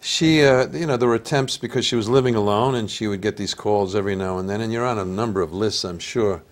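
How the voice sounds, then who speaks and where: A man's voice: fairly low pitch, fast. Nasal older Italian-American man. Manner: storytelling, easygoing. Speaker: guest actor. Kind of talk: casual interview chat.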